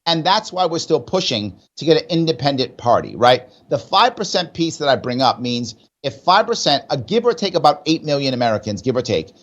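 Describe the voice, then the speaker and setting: A man's voice: medium pitch, sing-song, a little fast, hardly any pauses, fairly bright tone, lo-fi sound. A man with a New York accent, an emphatic political guest in a radio interview who keeps asking rhetorical questions.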